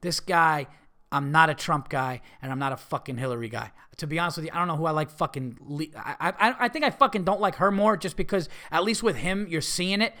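A man's voice: fairly high pitch, fairly quick, sharp tone. A man hosting a comedy podcast, ranting emphatically with heavy profanity. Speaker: podcast host.

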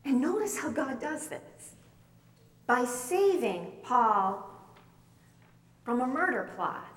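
A woman preacher giving a sermon, telling stories with emphatic, swelling delivery. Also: a little high. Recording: echoey hall, voice from far off.

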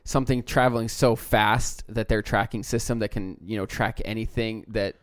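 A man's voice: lowish voice, fairly even intonation, normal speed, dry recording, clean studio sound. A man co-hosting a podcast in loose casual chat, who likes to slip into playful voices. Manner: loose, chatty, fond of playful impressions. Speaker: podcast co-host.

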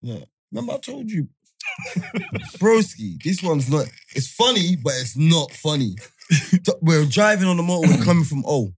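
Guy in his 30s telling a wild story on a pod, laughing loads, kinda husky, dry close sound. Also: a little high, moderate pace, dry recording. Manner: animated, laughing, slangy storytelling. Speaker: podcast host. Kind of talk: casual storytelling chat.

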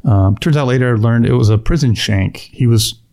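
A man's voice: medium pitch, normal speed, gravelly, a little mellow. A middle-aged man, a police officer, recounting an incident in an interview with frequent restarts and quoted lines. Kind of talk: storytelling interview.

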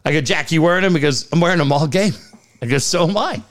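A man's voice: fairly high pitch, fast. A middle-aged man co-hosting a podcast, telling stories in casual chat, acting out the dialogue and swearing freely. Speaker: podcast co-host.

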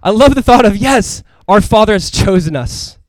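A man preaching a sermon as a pastor in a casual, conversational and animated way, full of asides to the congregation. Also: high voice, normal speed, no echo. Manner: animated, emphatic delivery.

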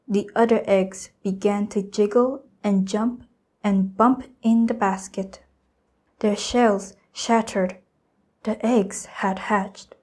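Teenage girl reading a children's story slowly. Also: mid-range voice. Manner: careful, expressive storytelling. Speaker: student reader. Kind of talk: children's story read aloud.

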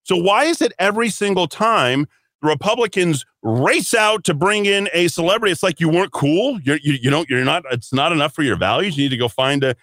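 A man's voice: fairly high pitch, animated, fairly quick, fairly bright tone, no echo, clean studio sound. A man hosting a political talk radio show, rambling and emphatic, calling his listeners folks and breaking into sarcastic asides. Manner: frequent restarts and sarcastic asides.

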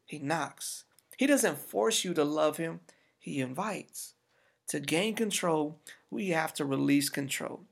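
A man's voice: high voice, creaky, fairly bright tone. A man preaching a sermon as pastor, talking to the congregation in a conversational, emphatic way.

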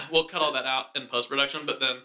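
A man's voice: medium pitch, lively intonation, fairly quick, bright, forceful tone. A man hosting a comedy podcast, rambling through fillers and restarts as he chats. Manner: rambling, with frequent fillers and laughter. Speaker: podcast host; drummer. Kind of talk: improvised comedy chat.

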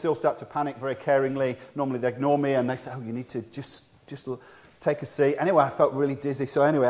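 A man's voice: medium pitch, darkish tone. A middle-aged man preaching a conversational sermon, telling a story with acted-out dialogue and laughing at himself. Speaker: pastor.

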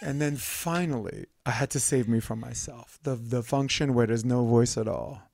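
A man's voice: mid-range voice, moderate pace, creaky, darkish tone, a little hiss or hum. A man hosting a podcast, telling rambling stories in casual chat with frequent restarts. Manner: rambling storyteller, many restarts. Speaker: podcast host.

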